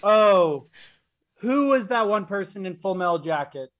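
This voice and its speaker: A man co-hosting a podcast in casual chat, halting and repeating words as he starts his sentences. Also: high-pitched, expressive, a bit bright. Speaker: podcast co-host.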